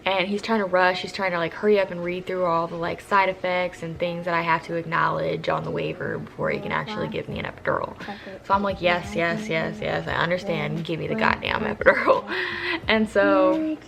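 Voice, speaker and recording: A woman's voice: fairly low pitch, fairly quick, gravelly, crowd noise. A young woman vlogger casually telling a candid, profane story to the camera. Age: young adult. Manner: candid, profane, animated retelling.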